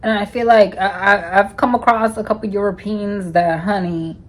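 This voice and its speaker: A woman's voice: mid-range voice, steady tone, moderate pace. A woman from the United States spins a raunchy storytime tale for her viewers. Her delivery is sassy and profane, with "honey" dropped into nearly every line. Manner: sassy, profane, calls listeners honey constantly. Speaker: storytime vlogger. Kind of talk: casual storytelling.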